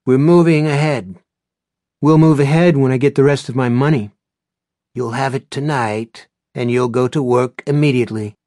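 A man voicing a cold, controlling man who gives curt, clipped orders, higher and louder than his own narrating voice. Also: normal speed, no room sound, clean studio sound, lightly acted. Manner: curt, commanding.

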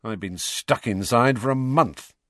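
A man's voice: mid-range voice, measured pace, a bit bright, dry recording, studio quality, close to an everyday voice. A man doing a sarcastic, bitter godfather. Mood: sardonic. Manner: sarcastic, drawling. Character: bitter, sardonic male godfather, middle-aged.

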